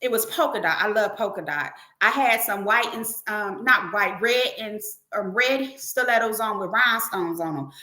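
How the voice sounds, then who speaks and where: A middle-aged woman hosting a livestream tells a story in a casual way, animated and profane, acting out the quotes as she goes. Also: mid-range voice, normal speed, hardly any pauses, echoey room. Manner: animated, profane, acts out quotes in her telling. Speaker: livestream host.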